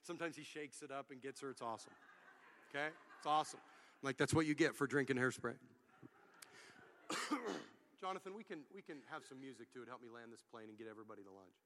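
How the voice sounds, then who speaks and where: A man's voice: medium pitch, fast talker. A man preaching a sermon to his church, mixing funny stories with rising, fervent calls to his congregation. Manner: humorous storytelling, building to loud preaching. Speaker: pastor.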